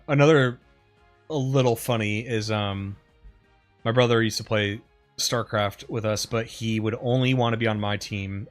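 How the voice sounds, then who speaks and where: A male streamer rambles through stories while he plays, swearing freely and leaning on fillers. His voice sits at an ordinary middle pitch. Faint game music hums behind him. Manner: rambling, profane, animated retelling with frequent fillers. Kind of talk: casual storytelling over gameplay.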